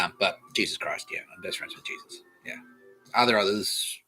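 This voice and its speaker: A man's voice: on the low side, huge pitch swings, fast, bright, forceful tone, faint music behind, rough recording. A man with an Australian accent hosting a comedy podcast, rambling through a crude, swearing, giggly monologue. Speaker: podcast host.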